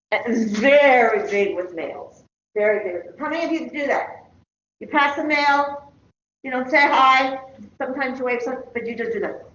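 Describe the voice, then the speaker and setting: A woman's voice: on the high side, fairly bright tone, slight background noise. An older woman lecturing a college class in a conversational way, checking in with her students. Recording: roomy, dull lecture-hall recording.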